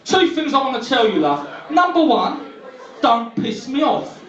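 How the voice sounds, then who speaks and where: A man's voice: very high voice, very animated, a little slow, a bit bright, full character voice. A man voicing a blunt elderly queen giving bossy, matter-of-fact advice. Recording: dull roomy club recording from afar.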